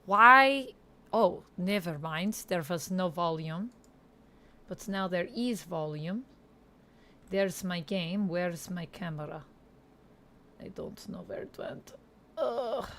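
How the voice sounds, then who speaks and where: A woman's voice: mid-range voice, expressive, slow pace, long pauses, a bit bright, a little hiss or hum. A woman livestreaming a game on a headset mic, chatting playfully with viewers in a put-on Russian accent. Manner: playful, reads chat aloud, mock-serious. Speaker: gaming livestreamer. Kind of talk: casual livestream chat.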